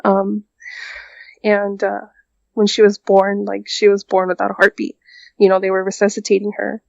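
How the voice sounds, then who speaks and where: A woman guest on a podcast telling a personal story in a halting, quiet way, full of "like" and "um". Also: medium pitch, monotone, creaky, no echo, lo-fi sound.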